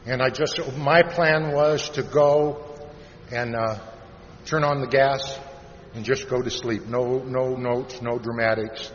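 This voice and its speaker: Iowa man telling his story in a hall. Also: mid-range voice. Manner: plain-spoken storyteller, drops soft and slow on heavy moments. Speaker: recovery meeting speaker. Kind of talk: personal recovery story told to a live audience. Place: large convention hall. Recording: dull, reverberant hall recording with faint hiss.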